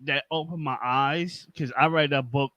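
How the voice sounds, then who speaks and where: A man's voice: a little high, steady tone, moderate pace, pushed and bright, dry recording, dull audio. Laid-back man telling wrestling stories, dry mic. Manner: laid-back, joking storyteller. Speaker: podcast guest, veteran pro wrestler. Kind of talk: casual interview chat.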